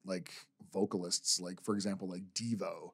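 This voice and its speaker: Man with a deep baritone speaking voice. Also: moderate pace, slightly rough. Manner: relaxed, rambling, full of "like" fillers. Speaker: musician guest. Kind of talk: casual interview chat. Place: radio studio.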